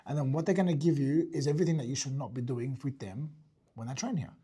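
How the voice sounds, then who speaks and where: A fitness business owner teaching a group about sales. He talks blunt and energetic, swears casually and keeps checking in with "right?". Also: medium pitch, fast talker, slightly rough. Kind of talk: teaching talk to an audience.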